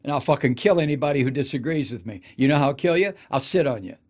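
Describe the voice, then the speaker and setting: A man mocking a smug, threatening woman press secretary, rattling off rapid snarling threats. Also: mid-range voice, expressive, lightly acted. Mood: menacing.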